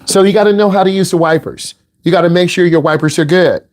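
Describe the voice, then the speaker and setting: This Midwestern driving instructor, a middle-aged man, talks fast in a high voice with fairly even intonation. He's giving a lesson in a casual, blunt way, teasing his student and getting straight to the point.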